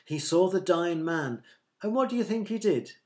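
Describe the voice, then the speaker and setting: A man voicing Jesus as a gentle, firm storyteller in a children's Bible story. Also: high voice, expressive, normal speed, pitched above the performer's own voice. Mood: storytelling. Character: kindly calm male storyteller teacher Jesus.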